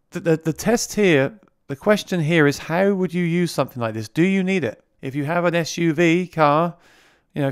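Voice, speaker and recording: A man's voice: on the high side, smooth, dry recording, clean studio sound. A man giving a casual product demo, talking into a vocal mic routed through the mixer he is reviewing, chatty and repeating words as he restarts. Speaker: gear reviewer. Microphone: vocal mic routed through the mixer being reviewed.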